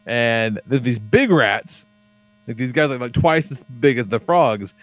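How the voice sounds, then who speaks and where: A man's voice: mid-range voice, animated, a little slow, no echo. A man chatting casually on a podcast, swearing freely and rambling with lots of fillers as he tells stories. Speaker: podcast co-host.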